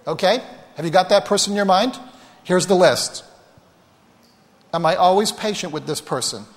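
A man's voice: high-pitched, normal speed. A man preaching a sermon as pastor, telling personal stories in a conversational, self-deprecating way and speaking straight to the congregation. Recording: reverberant hall sound.

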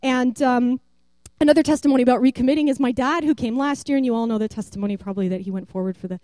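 A woman telling a rambling, animated testimony story and acting out the voices of the people in it. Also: fairly high pitch, racing, no room sound. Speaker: church member giving a testimony.

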